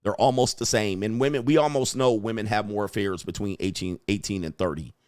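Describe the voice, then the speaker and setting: A man's voice: fairly low pitch, a little fast, darkish tone, clean tone, no room sound, studio quality. A man hosting a livestream commentary show, talking bluntly and emphatically and repeating his points for weight. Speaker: host.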